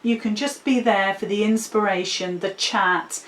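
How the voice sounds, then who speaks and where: A woman's voice: medium pitch, steady tone, a little slow, fairly bright tone. Casual woman live-streaming about sewing, chatty and laughing, roomy echo. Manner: chatty, reads out viewer comments, laughs often. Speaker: sewing pattern designer hosting a live stream. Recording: echoey room.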